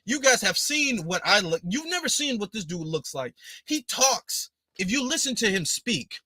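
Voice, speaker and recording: A man hosting a casual livestream. He has a high, bright voice and talks in an emphatic, indignant way, hammering the same points again and again. The sound is dry and close. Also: dry recording. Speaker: livestream host.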